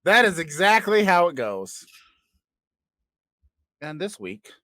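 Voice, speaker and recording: A man co-hosting a comedy podcast, his pitch sitting a little high and swinging widely as he spins absurd made-up tales. The sound is dry and close, with no room around it. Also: big pitch swings, slow, pushed and bright, no echo. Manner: spins absurd made-up stories with playful voices. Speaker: podcast co-host.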